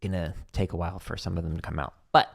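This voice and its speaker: A man's voice: low voice, steady tone, fast, creaky, slightly rough. A middle-aged man hosting a drum practice livestream, chatty and explaining exercises step by step with casual fillers.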